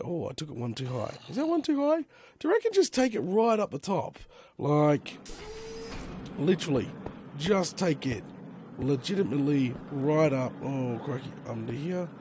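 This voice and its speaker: An Australian man with a hoarse, failing voice, chatting casually to himself while he plays a game. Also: medium pitch, dark tone, a little hiss or hum. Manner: chatty, muttering to himself with slang exclamations. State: hoarse, losing his voice. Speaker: gaming YouTuber. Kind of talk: casual gameplay commentary.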